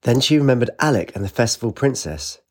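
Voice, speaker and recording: A man narrating an audiobook chapter in a steady, measured storytelling manner. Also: mid-range voice.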